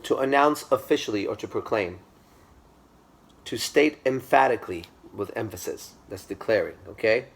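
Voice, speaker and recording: A man's voice: fairly low pitch, expressive, moderate pace, creaky, breathy edge. A man giving a classroom lecture, speaking with emphasis, repeating himself and checking that the class agrees.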